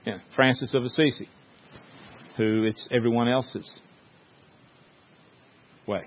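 A man's voice: medium pitch, fairly even intonation, slow, slight background noise. A man preaching a sermon in a folksy, joking storytelling way, with many restarts. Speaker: pastor. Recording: dull lo-fi sound.

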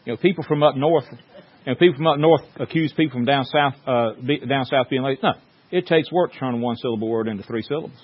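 A man's voice: medium pitch, quick pace. A man preaching a sermon in a folksy, joking storytelling way, with many restarts. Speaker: pastor. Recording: dull lo-fi sound.

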